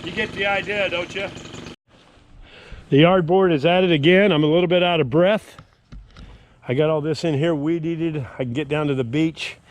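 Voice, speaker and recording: An older man filming himself outdoors with a handheld action camera, rambling in a folksy, grumbling way as he tours his lakeside yard. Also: fairly high pitch. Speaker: homeowner giving a yard tour. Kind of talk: casual self-filmed vlog.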